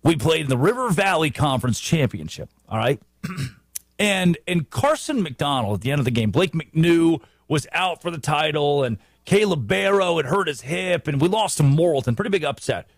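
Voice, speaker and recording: A man hosting a sports talk show, giving animated commentary with emphatic restarts and repetition. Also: a little high, normal speed, dry recording.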